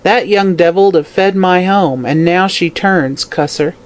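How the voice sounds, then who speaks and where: A narrator voicing a dying, drunken old slum woman who croaks, snarls and curses. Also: mid-range voice, measured pace, close to an everyday voice. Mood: whining. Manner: snarling, cursing, whining. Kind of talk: audiobook character voice.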